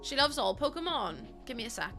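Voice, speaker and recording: A young woman live-streaming a game, chatting casually with her viewers, giggling often and breaking into excited thanks. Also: high-pitched, brisk, vocal fry. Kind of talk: casual live-stream chat while gaming. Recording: faint game music behind.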